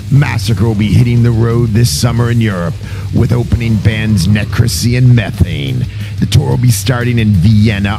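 A man reading a scripted tour promo, listing dates in a steady delivery. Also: lowish voice, creaky. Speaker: tour announcer. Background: music.

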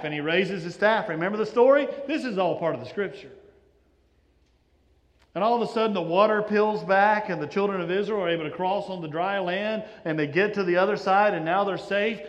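A man's voice: high voice, moderate pace, long reverb tail, muffled recording. A male pastor giving a sermon, telling stories and acting out the voices of the people in them. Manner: storytelling, acts out quoted voices, shifting inflection.

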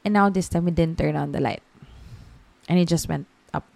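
A woman's voice: deep voice, moderate pace, creaky, a little mellow. A woman in her thirties with a Filipino accent, hosting a podcast and telling a story in a chatty way, with Tagalog words mixed into her English. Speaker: podcast host. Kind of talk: casual storytelling monologue.

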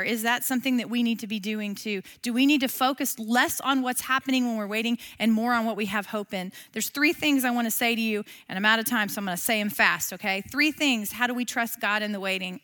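A middle-aged woman leads a Bible class in an easy, talky manner. She keeps asking her listeners questions, and her voice sits fairly high. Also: brisk, a bit bright. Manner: conversational, asks the listeners questions. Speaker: Bible teacher. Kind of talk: casual devotional teaching.

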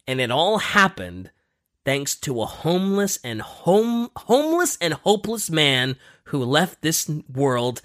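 A man's voice: on the high side, a bit bright. A man hosting a podcast, telling a story in casual chat with many fillers. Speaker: podcast host.

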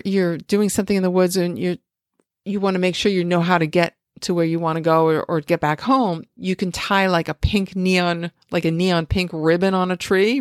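A woman's voice: lowish voice, a little mellow, dry recording. Conversational woman coach, dry sound. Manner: conversational, often asks "right?". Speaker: podcast host and coach. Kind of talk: casual instructional talk.

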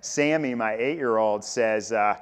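A man's voice: on the low side, unhurried, clear, resonant tone. A man in his thirties, a pastor, preaching a sermon in a conversational way, often repeating and restarting phrases.

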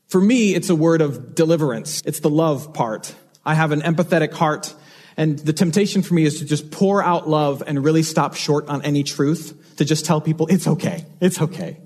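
A man's voice: fairly high pitch, a little mellow, slightly rough. A man preaching a sermon as pastor, earnest and emphatic, repeating key phrases for weight.

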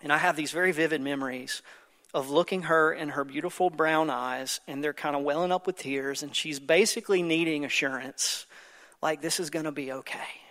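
A man's voice: a little high, brisk, a bit bright. Preaching man in a reverberant hall. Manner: conversational preaching with many fillers. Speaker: pastor. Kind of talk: sermon. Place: church sanctuary.

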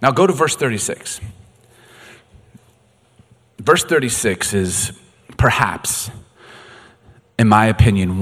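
A man preaching a sermon, dramatic and swinging from quiet to loud, in a long echoey hall. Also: lowish voice, husky. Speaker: pastor.

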